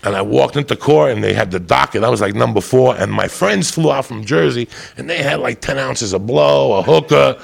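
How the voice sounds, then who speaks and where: A man's voice: mid-range voice, a little fast, few pauses. A man doing stand-up, telling a story in a rowdy, boisterous, profane way. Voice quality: gravelly. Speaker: stand-up comedian.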